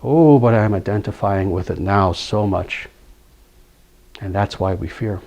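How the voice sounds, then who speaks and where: A man's voice: fairly low pitch, unhurried, a little mellow. A man giving a spiritual lecture, earnest, telling a story and repeating key phrases for emphasis. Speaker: spiritual teacher.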